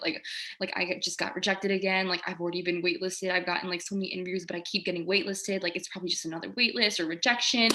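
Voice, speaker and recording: A woman's voice: medium pitch, a little fast. Young woman telling her story animatedly. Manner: animated, quoting herself and others, frequent laughs. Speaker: guest, physical therapy school applicant. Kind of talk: casual storytelling in an interview.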